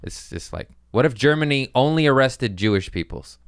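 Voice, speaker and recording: A man's voice: medium pitch, expressive, normal speed, clear, resonant tone, no echo, studio quality. A man hosting a podcast, talking loosely and profanely in a jokey comedic rant.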